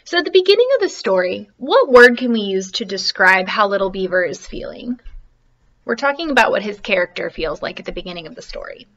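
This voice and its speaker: Bright-voiced teacher chatting through a lesson. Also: female voice, mid-range voice, sing-song, brisk, dull audio. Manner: chatty and encouraging, full of fillers and questions. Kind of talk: online reading lesson. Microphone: laptop.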